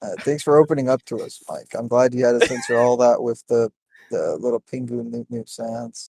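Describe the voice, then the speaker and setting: A man drops deadpan dark jokes into a loose podcast conversation. His voice is gravelly, with a lot of fry. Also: mid-range voice, a little fast. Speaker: podcast co-host. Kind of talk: casual chat.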